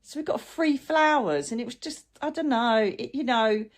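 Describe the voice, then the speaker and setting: A woman's voice: fairly high pitch, animated, moderate pace. Chatty woman vlogging. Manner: chatty, rambling, warm-hearted anecdotes. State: chronic illness, brain fog. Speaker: spiritual channel host. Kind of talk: casual heartfelt vlog chat.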